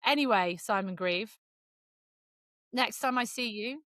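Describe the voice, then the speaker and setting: A woman's voice: on the high side, measured pace, fairly bright tone, no echo, studio quality. Blunt woman ranting on a podcast. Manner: blunt, ranting, swears freely. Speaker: podcast co-host. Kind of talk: casual podcast chat.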